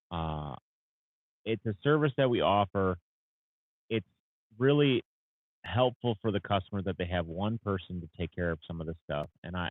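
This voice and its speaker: A tired man with a low voice comes through tinny, phone-like audio with no room sound. He owns a landscaping business and is hosting a casual livestream Q&A, yawning and rambling with many fillers and restarts.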